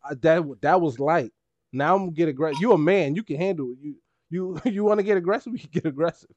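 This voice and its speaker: A man's voice: a little high, brisk, dull audio, a loud crowd. Heated, emphatic male podcast co-host. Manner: heated, emphatic storytelling with swearing and laughter. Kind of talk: casual podcast banter.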